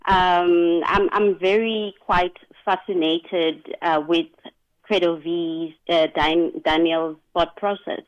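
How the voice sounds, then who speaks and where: A woman co-hosting a radio talk show, speaking in an unhurried, thoughtful way with many fillers. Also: lowish voice, flat delivery, clean tone, dry recording, muffled recording.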